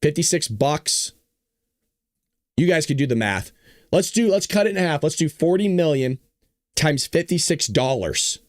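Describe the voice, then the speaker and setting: A hoarse man hosting a casual political commentary show, joking and talking to his audience. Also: a little high, a little slow, pauses often, dry recording, studio quality. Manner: animated, joking, talks to the audience. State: hoarse, voice worn out. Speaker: show host.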